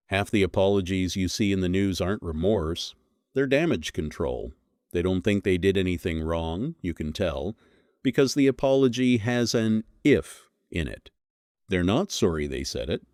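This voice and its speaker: Blunt deep-voiced man, scornful. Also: darkish tone, dry recording, studio quality. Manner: blunt and scornful, hard emphasis on single words. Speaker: commentary host. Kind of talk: scripted commentary monologue.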